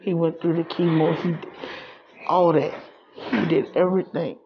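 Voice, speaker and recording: A middle-aged woman, crying as she talks haltingly in a personal vlog. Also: fairly low pitch, husky, muffled recording. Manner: tearful, halting, repeats herself. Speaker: vlogger.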